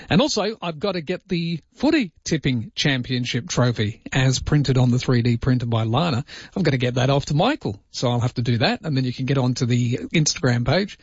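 A man's voice: mid-range voice, slightly rough, no echo, lo-fi sound. An Australian man hosting a talkback radio show, chatting and joking casually with listeners in a studio. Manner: jokey, chatty, rambling. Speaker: radio host. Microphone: studio microphone.

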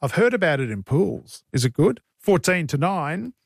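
A man's voice: on the high side, sing-song, normal speed, gravelly, slightly rough, no echo, studio quality. Chatty Australian man on talkback radio. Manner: chatty, joking, blunt. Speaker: radio host. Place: radio studio. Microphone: studio mic.

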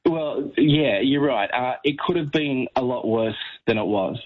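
A man's voice: medium pitch, measured pace. A man reviewing films on a radio show, easygoing and agreeable in casual chat. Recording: muffled radio broadcast.

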